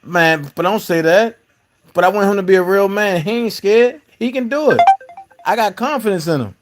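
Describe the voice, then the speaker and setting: A man's voice: high-pitched, normal speed, soft background music. Boastful male live-stream host. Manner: joking, boastful. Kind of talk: casual live-stream chat.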